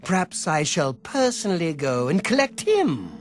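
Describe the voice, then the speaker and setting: An actor playing a cold, grand male necromancer lord in a video game, speaking in a slow, measured way. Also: on the high side, very animated. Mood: coldly menacing. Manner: slow, measured, sweeping delivery. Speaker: game character.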